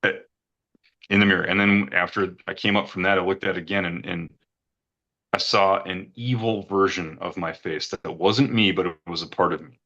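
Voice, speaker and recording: A middle-aged man with a low, deep voice tells a heartfelt story in an earnest, rambling way. His tone is bright and forceful. He repeats words as emotion catches him, and the recording sounds slightly dull and muffled. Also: steady tone, normal speed. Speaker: retreat guest giving a testimonial.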